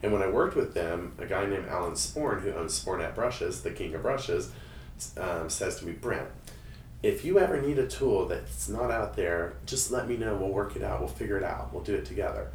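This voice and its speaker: Low-voiced man telling animated stories. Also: moderate pace, a little hiss or hum. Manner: animated, acts out quoted voices. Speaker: hairstylist and guest storyteller. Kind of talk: casual storytelling chat. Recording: roomy, a bit distant, faint room ambience.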